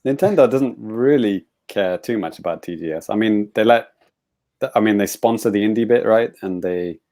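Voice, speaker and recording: A man hosting a gaming podcast in casual chat, laid-back, often letting sentences trail off quietly. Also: on the low side, moderate pace. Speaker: podcast host.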